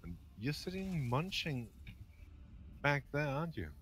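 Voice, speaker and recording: A man co-hosting a casual chat, wordy and hedging, who breaks into loud laughter. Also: on the high side, big pitch swings, measured pace, breathy edge. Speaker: podcast co-host.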